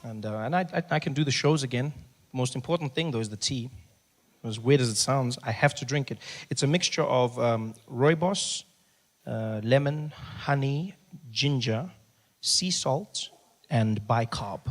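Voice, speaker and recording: A man, doing animated stand-up storytelling. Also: medium pitch, a little slow. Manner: animated storytelling, big shouted character voices. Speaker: stand-up comedian. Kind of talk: stand-up comedy.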